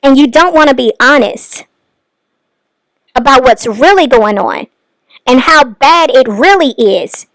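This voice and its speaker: A woman's voice: high voice, expressive, measured pace, long pauses, fairly bright tone, dry recording, poor audio. A woman hosting a commentary channel, bluntly scolding the person she talks about. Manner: blunt, scolding, addresses the subject directly. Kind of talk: reaction commentary.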